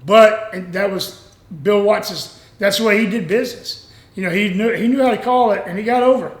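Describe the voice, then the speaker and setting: A man's voice: high-pitched, normal speed. Man in his 60s, rambling wrestling stories, chuckling, echoey room. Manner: rambling, chuckling, acts out others' lines. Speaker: retired pro wrestler telling stories. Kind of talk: casual storytelling interview.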